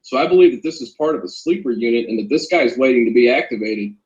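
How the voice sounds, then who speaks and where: A man's voice: medium pitch, lively intonation, fast, a little mellow, echoey room, lo-fi sound. A man, a former corrections officer, speaking as an interview guest, earnest and polite. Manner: earnest, polite, addresses host as ma'am. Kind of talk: interview over a call.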